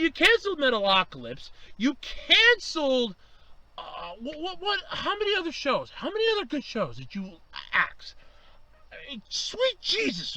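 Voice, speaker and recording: A man ranting angrily to camera, swearing and raising his voice to yelling, his voice strained from shouting. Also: very high voice, no room sound, poor audio. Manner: heated, swearing, raises voice to yelling. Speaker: vlogger. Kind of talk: angry ranting monologue.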